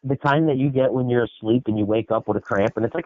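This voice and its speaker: Give me a swearing podcast host in loose chat, tinny phone-like audio. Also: male voice, mid-range voice, fast. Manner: swears often, acts out quotes in a raised voice. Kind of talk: casual chat. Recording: dry, tinny phone-like sound.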